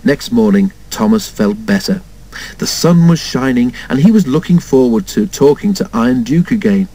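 A man reading a children's storybook aloud in an expressive way, doing all the character voices himself. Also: mid-range voice, moderate pace, rough recording. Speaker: storybook narrator.

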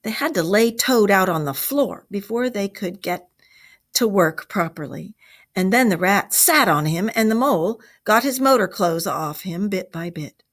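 A woman teacher reading a storybook aloud to a class, expressive, with chatty asides. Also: mid-range voice, unhurried.

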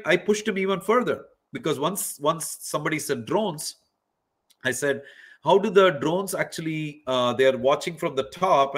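Middle-aged male professor, hosting an interactive online lecture: animated storyteller, quizzes the room, lots of fillers. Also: medium pitch. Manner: animated storyteller, questions the audience, many fillers. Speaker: workshop host and professor.

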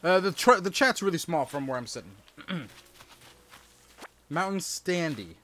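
A man's voice: on the high side, big pitch swings, a bit bright, a little hiss or hum. Chatty man in his thirties streaming a game. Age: 30s. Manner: chatty, reads and answers chat aloud, quick exclamations at the game. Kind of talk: casual live-stream chat while gaming.

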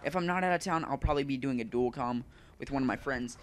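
A man's voice: medium pitch, quick pace, slight background noise. A man doing casual gaming commentary, rambling and swearing as he vents his frustration. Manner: rambling, profane, frustrated ranting. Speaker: gaming YouTuber. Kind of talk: casual commentary over gameplay.

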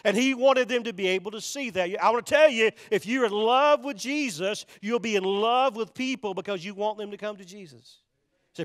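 A man preaching in a large church, his notably high voice trailing a long reverb through the sanctuary. He drives his points home with emphatic repetition and direct appeals to the congregation. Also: moderate pace. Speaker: pastor. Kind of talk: sermon.

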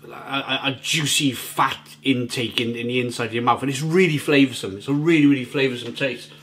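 A man reviewing food for his vlog from home, chatty and rambling. His pitch sits in an ordinary middle range. He keeps stumbling over and repeating his words as he goes. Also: fairly even intonation, fairly quick, a bit bright. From Britain. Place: at home, near the grill.

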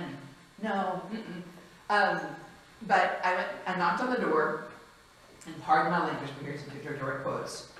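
A woman, a former hospice chaplain, telling stories in a lively, frank conference talk and acting out the voices of the people she quotes. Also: fairly low pitch, normal speed. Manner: lively, frank, laughs often, acts out quotes. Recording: echoey hall, mic at a distance.

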